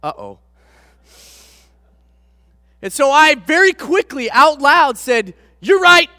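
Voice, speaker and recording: A man preaching, a pastor telling a personal story to his congregation with animated, self-deprecating humor. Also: very high voice, slow, no echo, clean studio sound, in a large hall. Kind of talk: storytelling sermon.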